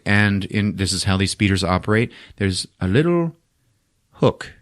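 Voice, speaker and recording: A man hosting a podcast, recapping a movie in an animated, profane, casual way. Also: fairly low pitch, moderate pace. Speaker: podcast host.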